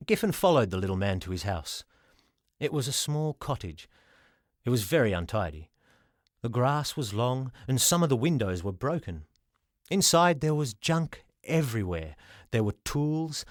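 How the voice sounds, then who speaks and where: Brief: male storybook narrator, animated intonation, dry close recording. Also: medium pitch, unhurried, no room sound. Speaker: audiobook reader.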